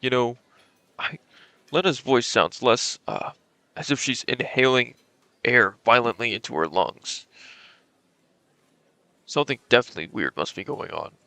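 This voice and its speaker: A man's voice: medium pitch, unhurried, pauses often, pushed and bright, no room sound. A young man streaming, reading a visual novel aloud dramatically and adding joking asides.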